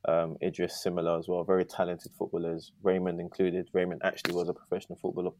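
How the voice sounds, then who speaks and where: A man, talking as a podcast guest over a laptop video call, halting with many restarts and fillers. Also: sits low, monotone, a little mellow, a little hiss or hum. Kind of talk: casual conversational interview.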